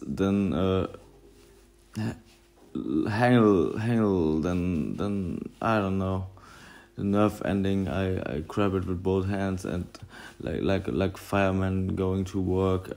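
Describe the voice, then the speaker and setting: A man voicing a creepy male nightmare stalker in a crude mock ASMR monologue, slow and menacing. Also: deep voice, a little mellow, voice pushed down. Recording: echoey room with faint noise.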